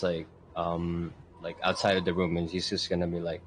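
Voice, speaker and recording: A man's voice: deep voice, completely flat delivery, moderate pace, hardly any pauses, slight background noise, poor audio. A man playing in a tabletop game, describing his character's actions hesitantly with many fillers. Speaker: player. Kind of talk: casual tabletop play.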